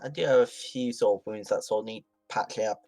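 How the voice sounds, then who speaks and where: A man's voice: lowish voice, brisk, over music. A man playing a tabletop game in character, polite and hedging, often stumbling over words. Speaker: player.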